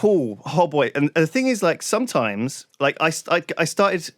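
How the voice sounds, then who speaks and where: A man's voice: on the high side, sing-song, normal speed, fairly bright tone, no room sound, clean studio sound. A young man, a podcast co-host, telling a story in a rambling way full of "like" and restarts. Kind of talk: casual podcast chat.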